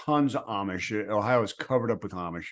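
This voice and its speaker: A man's voice: on the low side, expressive, a little fast. A man co-hosting a podcast, chatting casually and telling a rambling driving story, laughing often. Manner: laughs often, rambling road-trip anecdote. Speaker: podcast co-host. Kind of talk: casual chat.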